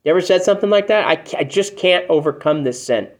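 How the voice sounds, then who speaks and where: A man's voice: high-pitched, lively intonation, fast talker. A man preaching a sermon to a room of people, talking to them plainly and often asking them rhetorical questions. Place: church room with congregation.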